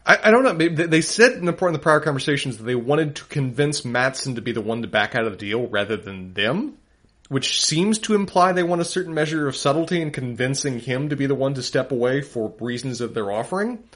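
A man's voice: medium pitch, lively intonation, fairly quick, fairly bright tone. A man co-hosting a podcast, breaking down the characters' moves in a thoughtful, analytical way. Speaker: podcast co-host. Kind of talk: casual analytical chat.

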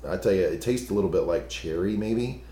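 A man with a hoarse, gravelly voice, co-hosting a casual podcast chat. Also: sits low, a little fast, warm tone, reverberant, slight background noise. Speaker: podcast co-host.

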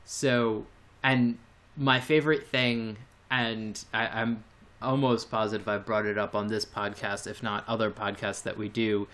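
A man's voice: fairly low pitch, flat delivery, a little slow, few pauses, a bit bright. A man co-hosting a podcast in casual chat, rambling and hesitant, with frequent fillers and restarts. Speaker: podcast co-host.

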